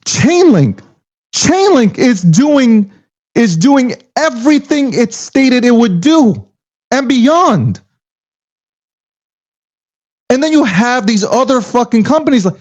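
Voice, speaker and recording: A man's voice: very high voice, big pitch swings, takes it slowly, pauses often, darkish tone. A man talking crypto in a heated, profane, casual rant, firing off emphatic rhetorical questions. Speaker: crypto commentator. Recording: dull lo-fi audio.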